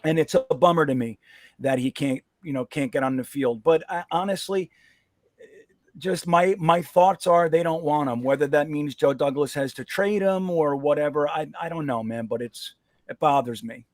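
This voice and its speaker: A man, a father, giving blunt, halting opinions and self-mocking jokes on a casual panel. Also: on the high side, no room sound, clean studio sound. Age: adult with children.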